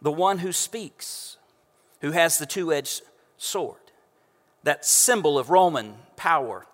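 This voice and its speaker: A man's voice: a little high, lively intonation, slow pace. Man preaching in a ringing church. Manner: conversational and joking with the congregation. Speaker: pastor. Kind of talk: sermon. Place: church stage. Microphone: stage microphone through house speakers. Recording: long church reverb.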